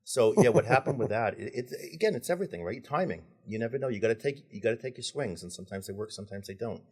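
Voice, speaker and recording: A middle-aged man telling stories as a podcast guest, animated and laughing, acting out quoted dialogue. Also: fairly low pitch, fast talker, breathy edge. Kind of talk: casual storytelling.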